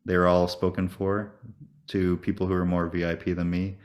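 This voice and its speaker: Deep-voiced man in casual podcast chat. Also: normal speed. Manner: animated, joking storyteller, swears freely. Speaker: podcast co-host.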